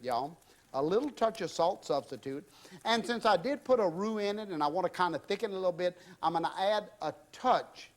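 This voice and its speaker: A middle-aged man with a Louisiana accent hosting a cooking demonstration in a home kitchen, talking in a chatty, folksy way and calling his viewers "y'all". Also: high voice. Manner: folksy and exuberant, often says "y'all" and "I tell you". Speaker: TV cooking show host.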